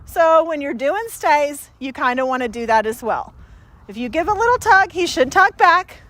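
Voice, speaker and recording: A woman's voice: high-pitched, expressive, moderate pace, a bit bright. A woman dog trainer giving a casual training demonstration, chatting with many fillers and breaking off for short, upbeat praise to the dog.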